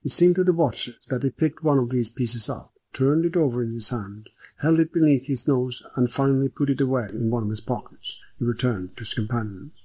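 A man reading a detective story aloud as the narrator, in a measured, even manner. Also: medium pitch, husky, no room sound. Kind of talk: scripted audiobook narration.

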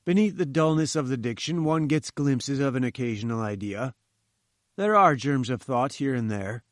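A man's voice: medium pitch, expressive, normal speed, dry recording, studio quality, natural voice. A man reading an audiobook, voicing a pompous older professor who talks down to his listener. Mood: lecturing. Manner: condescending, lecturing.

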